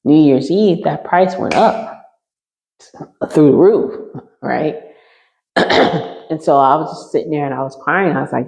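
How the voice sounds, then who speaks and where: A woman's voice: sits low, unhurried, vocal fry, long pauses, a little mellow. A woman teaching a healing class, telling a personal story to her listeners and circling back over her own phrases as she recounts it. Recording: roomy and slightly muffled.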